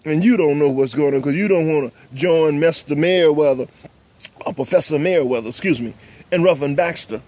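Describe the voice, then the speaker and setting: An older man, hosting a talk show and delivering impassioned, preachy commentary, often repeating "ladies and gentlemen.". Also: a little high, brisk. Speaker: host.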